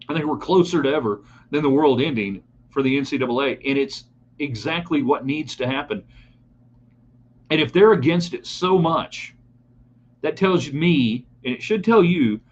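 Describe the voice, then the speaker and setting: A middle-aged man hosting a live sports talk broadcast, opinionated and animated as he reads listener comments and talks straight to his audience. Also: a little high, a little slow, lo-fi sound, slight background noise. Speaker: sports talk show host.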